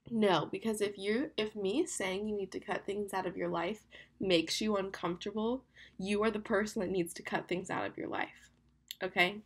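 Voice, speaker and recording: A young woman talks on her solo podcast in a relaxed, confessional way, stringing thoughts together with plenty of "like." Her voice sits in a middle pitch with a gravelly fry and a slightly husky edge. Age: young adult. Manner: chatty, candid, fast with lots of "like". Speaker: podcast host. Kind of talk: casual solo podcast talk.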